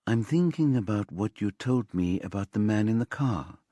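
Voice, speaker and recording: A man voicing a calm, patient female detective in an audiobook, questioning softly. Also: on the low side, moderate pace, dry recording, studio quality. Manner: soft, steady questioning.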